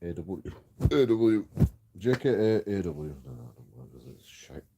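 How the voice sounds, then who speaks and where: A man's voice: low-pitched, very animated, unhurried, dull audio, noisy background. A man ranting and complaining in a rambling story-time vlog, swearing often and trailing off into mumbles. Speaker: YouTube auditor vlogger.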